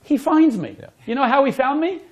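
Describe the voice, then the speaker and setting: A man, a magician, telling stories animatedly to a small audience, laughing often and loudly acting out the voices of the people in his stories. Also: very high-pitched, brisk, lo-fi sound. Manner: lively, laughing, acts out quotes loudly. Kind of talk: animated storytelling with demonstration.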